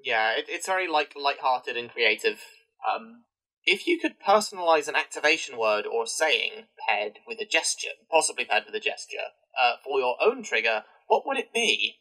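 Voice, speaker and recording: A man co-hosts a casual podcast with a bright, forward tone. His pitch moves around a lot as he chats in an upbeat, encouraging way. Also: expressive, normal speed, rough recording. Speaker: podcast co-host.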